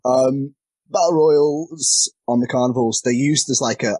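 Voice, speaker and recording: A man's voice: mid-range voice, measured pace, a little mellow, no echo. A man talking casually as a podcast guest, candid and self-deprecating, laughing often, heard over a remote call. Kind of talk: casual chat.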